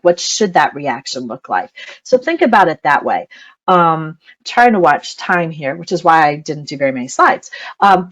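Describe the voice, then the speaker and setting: Chatty middle-aged woman on a webinar. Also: fairly low pitch. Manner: chatty, laughs often, fillers like "you know". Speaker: parenting coach presenter. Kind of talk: informal webinar talk. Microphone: computer mic on video call.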